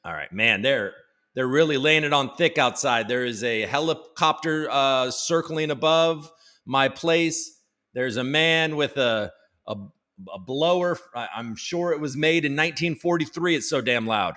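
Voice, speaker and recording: Bright-voiced man hosting a livestream. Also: mid-range voice, measured pace. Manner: loose, joking, greets chat viewers by name. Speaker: livestream host. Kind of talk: casual live-stream market chat. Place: home.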